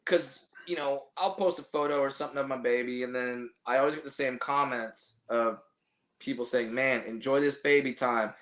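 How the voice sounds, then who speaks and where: A man's voice: medium pitch, normal speed. A man hosting a podcast in casual chat, rambling and self-deprecating, restarting his sentences and swearing. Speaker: podcast host.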